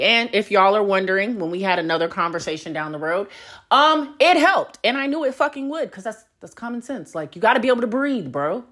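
A woman's voice: medium pitch, normal speed. A woman hosting a casual podcast monologue, blunt and profane, laughing often as she talks. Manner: animated, swooping delivery. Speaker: podcast host.

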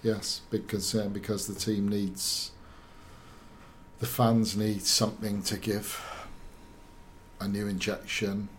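Measured pundit searching for words. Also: male voice, lowish voice, flat delivery, slight background noise. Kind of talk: casual discussion.

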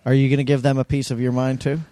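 A man's voice: medium pitch, flat delivery, fast talker, dark tone, no echo. A man co-hosting a podcast, reacting to his friend's story and teasing him in casual chat. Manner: responsive, teasing listener. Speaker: podcast co-host.

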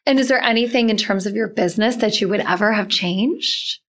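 A woman's voice: mid-range voice, fairly bright tone. Enthusiastic woman host asking questions. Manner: enthusiastic, quick to agree and react. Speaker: interview host. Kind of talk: casual interview chat.

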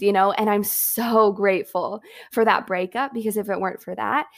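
A woman's voice: mid-range voice, fairly even intonation, moderate pace, vocal fry. A young adult woman talking casually to her viewers in an upbeat motivational vlog, chatty with lots of fillers. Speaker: vlogger. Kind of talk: casual motivational talk to camera.

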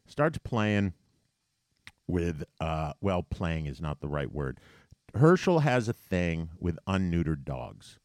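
A man telling a story in a casual chat, animated and profane, getting heated as he goes. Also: sits low, slow pace, no room sound, studio quality. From New York.

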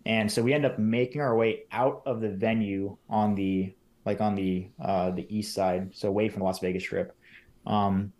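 A podcast guest casually recounts events in detail, voicing what people said and peppering his speech with "like." His voice is lowish and darkish, with fairly even intonation at a moderate pace.

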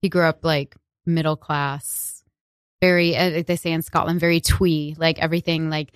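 A woman's voice: deep voice, level tone, moderate pace, clear, resonant tone, dry recording, studio quality. A woman guest on a podcast, chatting casually and telling stories full of acted-out quotes and laughter. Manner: chatty storyteller who acts out quoted voices with laughs. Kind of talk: casual chat.

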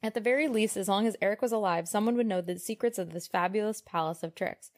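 Woman reading aloud and joking. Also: mid-range voice. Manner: joking, laughs often, pauses on fillers. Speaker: podcast co-host. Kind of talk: casual chat mixed with reading aloud from a novel.

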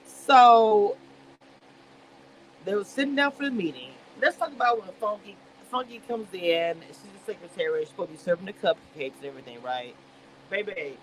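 A high-pitched man chats through a reality-show recap on a livestream. He tells the story with lively, dramatic energy and playful slang, voicing other people's lines as he goes. The mic is a simple webcam setup with a faint hum underneath. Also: moderate pace, poor audio. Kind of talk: casual livestream recap chat.

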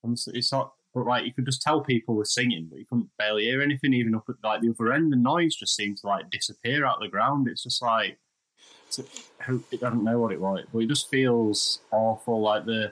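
A man's voice: medium pitch, fairly quick, fairly bright tone, poor audio. A man chatting casually as a podcast co-host, loose and full of fillers. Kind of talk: casual chat.

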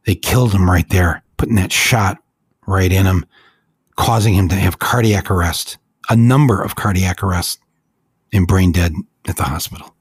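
Man, husky, low-pitched, dry close sound, angry commentary. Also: normal speed, dry recording. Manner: angry, emotional, accusatory. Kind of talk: impassioned commentary.

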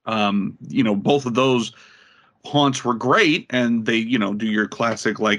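Man, casual podcast chat, rambling anecdotes, average-pitched voice. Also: measured pace, a bit bright. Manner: rambling storyteller with many fillers, rising to incredulous laughter. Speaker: podcast co-host.

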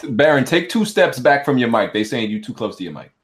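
Teasing podcast host, lively pitch. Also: male voice, fairly quick, slightly rough. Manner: teasing, pressing questions. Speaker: podcast host questioning a guest. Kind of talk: heated casual podcast argument.

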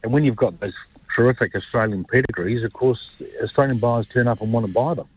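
A man's voice: medium pitch, fast, slight background noise. A man, a racehorse owner telling stories in a casual radio interview, rambling and restarting as he goes. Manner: chatty, rambling with restarts, animated when telling anecdotes. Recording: dull lo-fi phone-like line.

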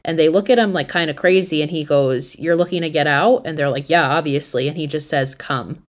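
Low-voiced woman recapping a horror film. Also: a little fast. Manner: animated, profane, slangy storytelling. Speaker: podcast host. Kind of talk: casual movie recap.

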